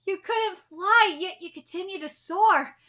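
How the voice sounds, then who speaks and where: A mighty male sword god, grave and admiring, read aloud by a woman. He speaks low and measured, with a bright tone and a slow pace. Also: exaggerated voice.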